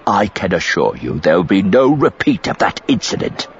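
A man voicing a smooth, menacing male crime boss who speaks quietly in clipped, hissing words. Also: sits low, big pitch swings, moderate pace, muffled recording, pitched above the performer's own voice, full character voice. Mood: calculating.

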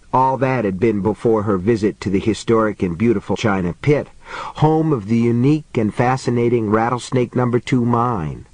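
A man's voice: medium pitch, a little mellow, no room sound, rough recording. Man narrating a novel, dry close sound. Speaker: audiobook narrator. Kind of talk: scripted narration.

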